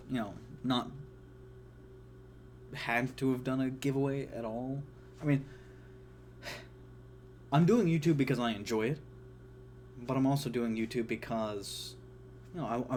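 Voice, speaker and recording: A young man talking casually to camera about his hopes, eager but halting, with many restarts. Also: medium pitch, darkish tone, a little hiss or hum. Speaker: vlogger.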